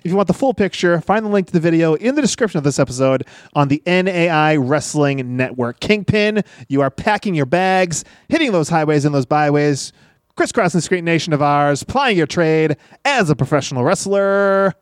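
A man's voice: on the high side, expressive, normal speed, no echo, clean studio sound. A man hosting a wrestling podcast, teasing and wisecracking, doing plugs. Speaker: podcast host. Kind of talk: casual podcast chat.

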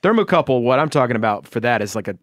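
A man's voice: mid-range voice, lively intonation, racing. A man trading dry, wry jokes in a casual podcast chat.

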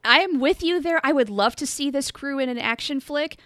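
A woman co-hosting a podcast in casual chat, upbeat and quick to laugh. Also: high-pitched, fairly bright tone, dry recording, studio quality. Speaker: podcast co-host.

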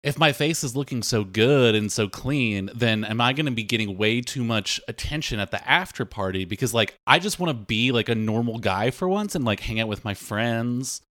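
A man co-hosting a comedy podcast who adds deadpan, joking asides to the banter. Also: medium pitch, moderate pace, hardly any pauses, dry recording, clean studio sound. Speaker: podcast co-host.

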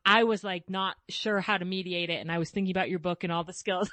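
Woman host and mother, low-ish voice, dry close sound, candid and thoughtful. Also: steady tone, fast talker, sharp tone, no room sound. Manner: candid, thoughtful, laughs easily. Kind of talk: casual interview chat.

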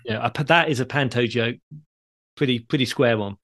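A man hosting a podcast, calmly explaining in a dry storytelling way and delivering groan-worthy jokes. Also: medium pitch, a little fast. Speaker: podcast host. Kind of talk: conversational explaining.

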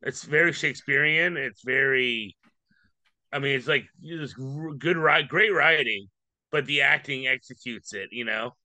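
A man's voice: medium pitch, measured pace, bright, forceful tone, no echo. A man co-hosting a casual podcast, agreeing eagerly and swearing freely. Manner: enthusiastic, profane agreement. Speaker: podcast co-host.

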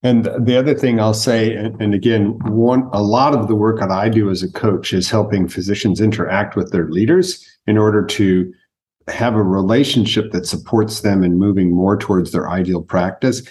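Man, coach and host, fairly low voice, measured and explanatory. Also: fairly even intonation, darkish tone. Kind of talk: podcast conversation.

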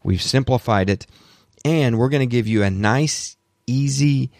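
Excitable man with a gravelly voice. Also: mid-range voice, unhurried, no room sound, clean studio sound. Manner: excitable, apologetic rambling with self-corrections. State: allergies, throat clearing. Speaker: podcast host. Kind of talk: solo tech podcast commentary.

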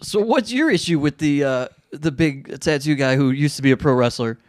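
A man's voice: on the high side, expressive, normal speed, dry recording, studio quality. A man on a casual podcast, prodding the storyteller with short, wry questions. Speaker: podcast host.

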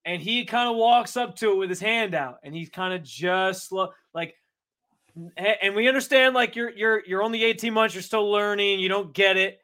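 High-voiced animated man, podcast co-host. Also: moderate pace. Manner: animated and blunt, swears freely. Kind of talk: casual sports debate.

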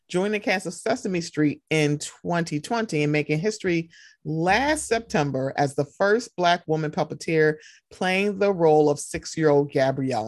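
A young woman co-hosting a podcast, chatting casually and animatedly, often jumping into excited quoted voices. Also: dry recording, studio quality. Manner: animated, jumps into high excited voices when quoting. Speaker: podcast co-host. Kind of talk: casual chat.

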